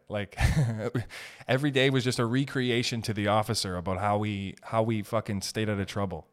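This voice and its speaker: A man hosting a solo podcast, telling stories in an animated, profane way and laughing as he talks. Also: on the low side, normal speed, smooth. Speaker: podcast host.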